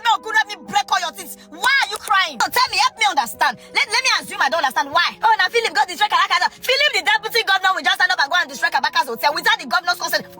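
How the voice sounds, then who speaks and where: Nigerian woman, scolding vlog commentator, lively high voice. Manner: scolding, mixes in Pidgin.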